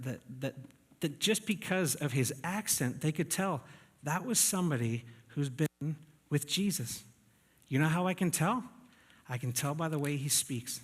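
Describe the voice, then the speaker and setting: A man preaching a sermon to his congregation in a church, conversational and often checking in with the room. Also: a little high. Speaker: pastor. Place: church sanctuary. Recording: reverberant church hall.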